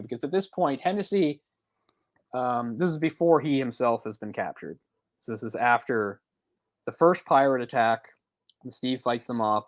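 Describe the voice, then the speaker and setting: Man, casual podcast co-host, rambling retelling, restarts and chuckles, mid-pitched, dry close sound. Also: no echo, dull audio. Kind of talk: casual movie discussion chat.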